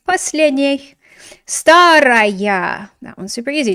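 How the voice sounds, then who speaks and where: A woman teaching a grammar lesson in a lively, chatty way, with playful asides and frequent teacherly check-ins. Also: sits high, normal speed. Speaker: Russian language teacher.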